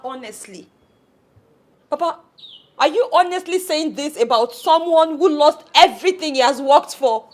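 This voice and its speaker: An actress playing a distraught young Nigerian daughter who wails and pleads emphatically. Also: female voice, very high-pitched, a bit bright, full character voice. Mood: indignant. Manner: wailing, emphatic. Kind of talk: Nollywood film acting.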